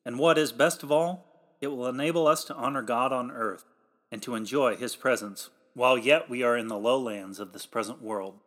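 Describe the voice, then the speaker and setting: A man's voice: mid-range voice, moderate pace. Emphatic formal male preacher. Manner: emphatic, swells louder on exhortations; old-fashioned formal pulpit diction. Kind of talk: read sermon.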